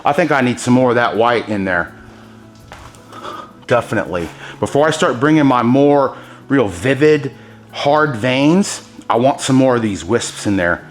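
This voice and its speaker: A man hosting a hands-on epoxy tutorial, talking straight to his viewers, excited by his own results and handing out pro tips as he works. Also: mid-range voice, measured pace, faint music behind. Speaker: host demonstrating epoxy countertop techniques.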